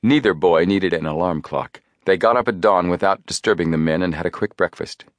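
A man narrating an audiobook with measured storytelling. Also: sits low, no echo. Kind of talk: scripted narration.

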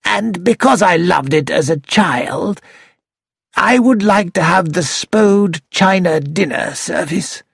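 A man's voice: sits high, expressive, slow, vocal fry, fairly bright tone, slightly rough, no echo, studio quality, voice pushed up, exaggerated voice. A man voicing a weak, self-pitying elderly man in a read-aloud story. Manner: feeble, whining, peevish.

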